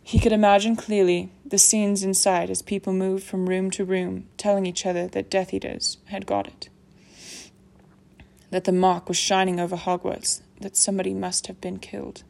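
A woman narrating a novel aloud in a steady, measured storytelling manner. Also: medium pitch, vocal fry. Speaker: audiobook narrator. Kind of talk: scripted narration.

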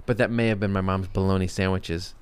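A man's voice: deep voice, fairly even intonation, fairly quick, smooth. A man co-hosting a podcast, reading listener comments and joking in casual, profane banter. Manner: wry, joking, swears freely.

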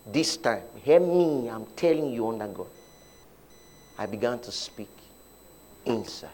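A man's voice: mid-range voice, lively intonation, measured pace, warm tone. A man preaching a sermon as pastor, leading the congregation in call-and-response declarations.

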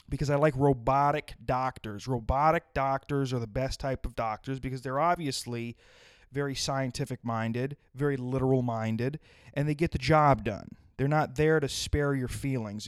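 Podcast host, male, mid-pitched, blunt provocative monologue, very dry booth sound. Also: no room sound. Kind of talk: casual opinion monologue. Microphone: close podcast microphone.

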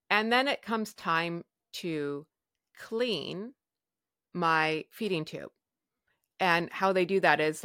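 A young woman telling a personal story in a casual, animated way, acting out her own past words and swearing now and then. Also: fairly low pitch, no room sound, studio quality. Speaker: podcast guest sharing her story.

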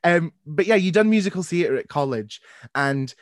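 A man's voice: fairly high pitch, lively intonation, moderate pace, no echo, clean studio sound. Chatty male podcast host. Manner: chatty, playful, lots of fillers. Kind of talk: casual interview chat.

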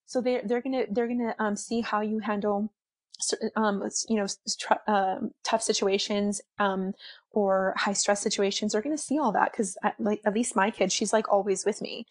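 A mother chatting casually about parenting, animated, laughing often and acting out little quotes. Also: medium pitch, normal speed.

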